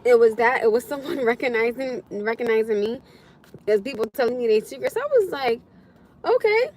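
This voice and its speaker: A woman hosts a casual livestream from her phone, reading scripture, thanking viewers, and frequently exclaiming and laughing. Her voice is a little high and a little mellow, with lively intonation and a normal speed. There's a slight hiss or hum.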